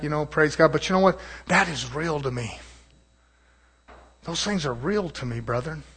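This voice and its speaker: A man preaching a sermon in an emphatic, confrontational way, chuckling between points. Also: sits high.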